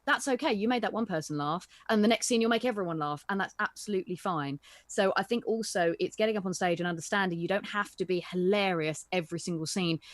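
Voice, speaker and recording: A woman, an improv actor, explaining performance in a relaxed, encouraging way on a home video call. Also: fairly low pitch, no room sound. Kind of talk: casual interview chat.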